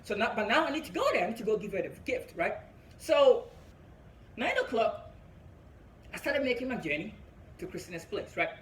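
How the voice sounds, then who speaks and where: Animated young man with an African accent. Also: high-pitched, moderate pace, long pauses, echoey room, poor audio. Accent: African English. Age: young adult. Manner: animated, chuckles at own jokes, peppers lines with "right?". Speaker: comedian. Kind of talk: stand-up storytelling.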